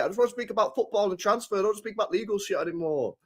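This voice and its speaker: A young man, chatting casually about football transfer news, animated, repeating himself and swearing often. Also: high-pitched, rapid-fire, breathy edge. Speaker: football fan channel host.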